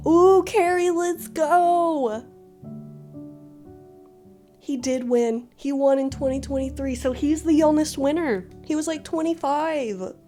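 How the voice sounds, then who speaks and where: Unhurried woman gushing on stream. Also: high voice. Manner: gushing, excitable, laughs often. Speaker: livestreamer. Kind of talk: casual live-stream commentary.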